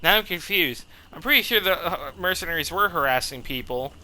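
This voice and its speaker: A man's voice: on the high side, lively intonation, fairly quick, bright, forceful tone. A man streaming a game who chats casually, swears freely and talks back to the characters on screen. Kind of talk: casual live gameplay chat. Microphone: desk microphone.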